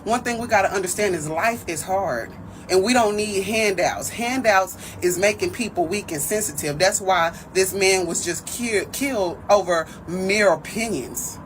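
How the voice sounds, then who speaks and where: A woman's voice: medium pitch, moderate pace, a little hiss or hum, rough recording. A woman earnestly giving her opinion in a casual, emphatic way.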